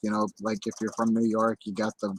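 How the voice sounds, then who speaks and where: A man's voice: fairly low pitch, completely flat delivery, fast talker, a little hiss or hum, low-quality recording. An American man hosting a casual livestream chat, loose and talkative, swearing now and then and repeating words as he goes. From United States. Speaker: livestream host.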